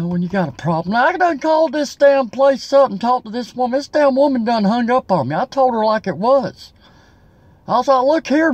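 Dude putting on a squeaky worked-up south carolina redneck, cussing and rambling, voice jumping all over, dry close sound. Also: male voice, no echo, dull audio. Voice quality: drawling, profane, rambling. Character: frazzled broke Southern man, worked up and cussing. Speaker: comedian. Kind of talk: comic character monologue.

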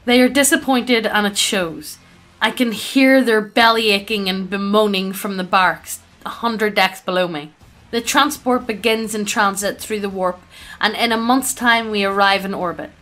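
A woman's voice: medium pitch, fairly bright tone. A woman casually reading fan stories aloud, now and then tripping over odd names. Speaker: reader.

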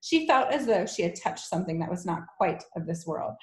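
A woman teacher reading a children's novel aloud to her class in an expressive, gentle way. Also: lowish voice, brisk. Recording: echoey room.

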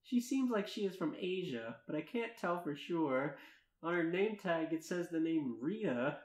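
A man's voice: fairly high pitch, expressive, normal speed. Man reading fan fiction in a roomy echo. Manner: earnest mock-dramatic reading, laughing breaks. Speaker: podcast host.

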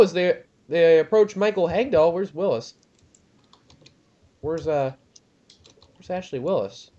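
A young man calls a sim race in a loose, rambling way, filling gaps with ums and perking up when cars spin. His voice sits a little high and mellow. The mic sounds dull and lo-fi. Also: breathy edge. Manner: rambling, lots of ums, excitable about crashes. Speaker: lead commentator of a sim racing league. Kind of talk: casual race commentary.

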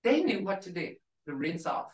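An older woman teaching a language class, telling a family story in a rambling, warm-hearted way with restarts. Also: mid-range voice, big pitch swings, normal speed, recorded from a distance. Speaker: language instructor. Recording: roomy sound from off the mic.

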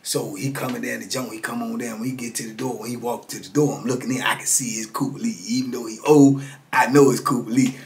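A man's voice: medium pitch, fast talker, crowd noise. A man in his fifties telling a story as an interview guest in casual, slangy talk. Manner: animated, slangy, acts out dialogue.

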